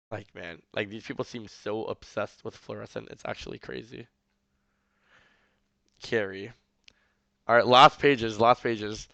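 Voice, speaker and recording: A man's voice: fairly low pitch, flat delivery, unhurried, creaky, long pauses, fairly bright tone, dry recording, muffled recording. A man streaming casually, reacting to messages he reads aloud, rambling with lots of filler words and swearing.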